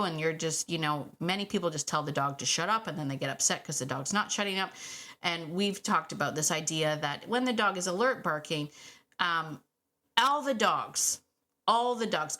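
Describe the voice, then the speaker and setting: A middle-aged woman hosting a casual solo podcast about dogs, animated and quick to act out what dogs might say, laughing often. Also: fairly low pitch. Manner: animated, acts out dogs' voices, laughs often. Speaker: podcast host and dog trainer.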